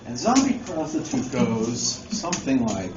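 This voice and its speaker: A man with a medium-pitched, very animated voice speaks a little slowly over loud music. He's a musician guest on a convention panel, telling a live audience a casual story, laughing often and swearing freely. It was captured on a phone in the audience, so it sounds echoey and muffled with room noise.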